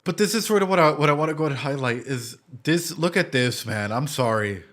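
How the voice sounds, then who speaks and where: A young man, a psychologist, giving casual, animated reaction commentary from his streaming room, swearing freely. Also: a little high, a little fast. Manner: animated, swearing, emotional, laughs and nearly cries.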